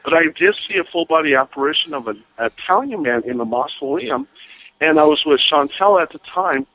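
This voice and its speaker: A man calling in as a guest, telling ghost stories in an animated, excitable way with frequent laughs. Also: fairly high pitch, a little fast, dry recording. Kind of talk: phone-in storytelling. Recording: tinny phone line.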